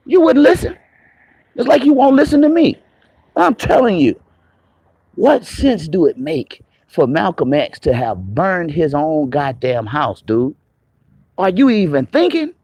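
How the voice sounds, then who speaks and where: Raspy, slightly high-pitched man; streamer ranting with a combative, mocking, foul-mouthed edge. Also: darkish tone, dry recording, low-quality recording. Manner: confrontational, profane, mocking. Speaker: online commentator. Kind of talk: live-streamed rant. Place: moving around on the go, patchy signal.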